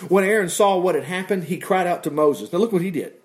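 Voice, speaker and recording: A man's voice: high-pitched, fast talker. A man teaching from the Bible in a conversational preaching style, breaking off for asides and exclamations and chuckling as he explains. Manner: animated, with frequent asides and exclamations.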